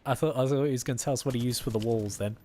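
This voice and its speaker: A man's voice: medium pitch, very fast, mellow, slight background noise. A tired man chatting casually with viewers while streaming a game, easygoing and friendly. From Australia. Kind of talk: casual live-stream chat.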